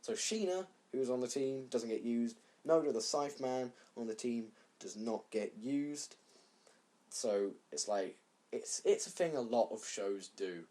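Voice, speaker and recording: A man's voice: mid-range voice, expressive, measured pace, warm tone. A man giving a casual, rambling review of an anime series, often stopping to correct himself.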